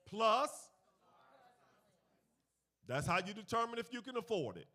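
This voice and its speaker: A man's voice: sits high, normal speed, pauses often. A man teaching a congregation in a sermon, telling stories and leading call-and-response, repeating key phrases. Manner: animated storytelling, swings from quiet to loud. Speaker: church teacher leading a finance talk. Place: church gathering.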